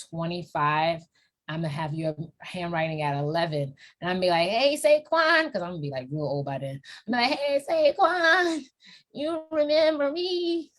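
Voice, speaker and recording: A New York woman with a New York accent hosts a casual live-stream interview, cheering her guest on with playful, lively energy. Her voice is low-pitched.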